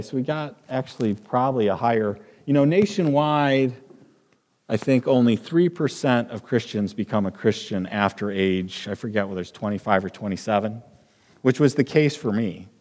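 A middle-aged man preaching a sermon as pastor, conversational and halting, with fillers and restarts. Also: fairly low pitch, darkish tone. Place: church sanctuary with long reverb. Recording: reverberant church hall.

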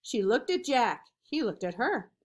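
Animated woman reading a children's story. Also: on the high side, measured pace. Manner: expressive, animated. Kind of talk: children's read-aloud with questions.

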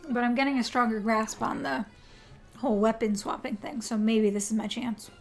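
A woman's voice: on the high side, steady tone, moderate pace, creaky, faint music behind. A young woman chatting to herself as she plays a video game on a live stream. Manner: chatty, talks to herself while playing. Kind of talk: live-stream gameplay commentary.

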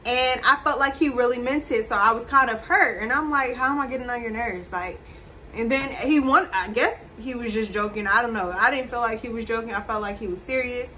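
A young adult woman telling a personal story to camera in a casual, animated vlog chat. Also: a little high, fairly quick, a little hiss or hum. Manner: chatty, animated, addresses viewers. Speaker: vlogger.

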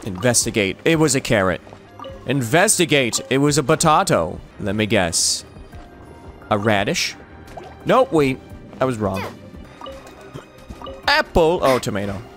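An animated man riffing through a let's play, jokey and playful. His voice swings up and down a lot and he talks unhurriedly, with faint game music behind. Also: medium pitch, unhurried, long pauses. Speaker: gaming channel host.

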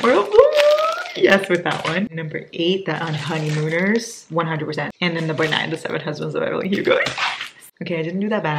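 A young woman chatting excitedly as she opens book mail on her vlog, gushing over every gift. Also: sits low, background noise. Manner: gushing, excitable, reads notes aloud. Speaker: book vlogger. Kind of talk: casual chat unboxing book mail.

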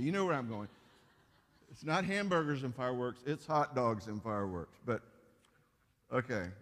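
A man's voice: mid-range voice, a bit bright. A man who works as a marriage counselor gives a casual, joking conference talk to couples, full of fillers and restarts. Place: church hall. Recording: echoey hall reverb.

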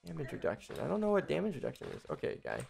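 A young man giving casual, rambling commentary as he streams a video game, breaking into excited exclamations and cutting himself off mid-sentence. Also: fairly high pitch, very fast, creaky. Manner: chatty and rambling, with excited exclamations and self-interruptions. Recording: faint game music behind.

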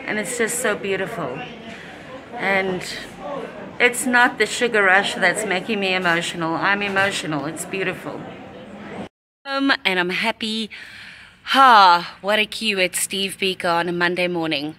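A woman's voice: medium pitch, unhurried, crowd noise. A young pregnant woman chatting in a vlog about her morning at the hospital, in a heartfelt, reflective way. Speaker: pregnant vlogger. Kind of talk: casual vlog chat. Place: at a hospital, partly outdoors.

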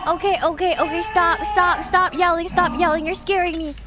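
A woman streaming a horror game, panicking aloud with yelps, quick repeats and nervous laughter. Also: very high-pitched, steady tone. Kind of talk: live horror gameplay commentary. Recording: loud game music and effects behind the voice.

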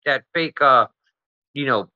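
A man's voice: mid-range voice, slow pace, dry recording, phone-quality sound. A man as an interview guest, telling a profane, rambling story and tagging his sentences with "right?".

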